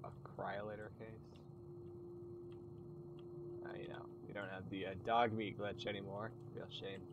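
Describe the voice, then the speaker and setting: A man's voice: fairly low pitch, little pitch movement, measured pace. Man with crude, sarcastic game commentary. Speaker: gaming channel host. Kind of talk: casual let's-play commentary. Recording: noisy background.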